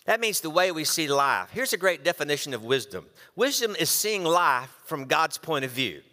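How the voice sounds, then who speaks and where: A pastor preaching a sermon, animated as he reads scripture and acts out the quotes. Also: fairly high pitch, big-room sound. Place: church.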